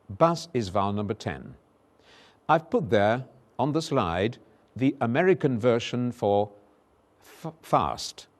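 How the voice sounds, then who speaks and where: A man teaching English pronunciation in a recorded lesson, slowly repeating example words with careful articulation. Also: lowish voice.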